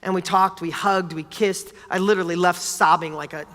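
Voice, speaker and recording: A man giving a motivational talk, telling a personal story in an energetic, animated way with casual swearing. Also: sits high, normal speed, few pauses. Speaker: motivational speaker. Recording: long hall reverb.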